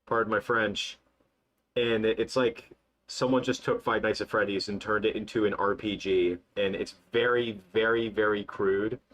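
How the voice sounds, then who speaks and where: Young male streamer, chatty and excitable, rambles with lots of fillers. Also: lowish voice, moderate pace. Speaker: livestream host. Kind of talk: casual livestream chat.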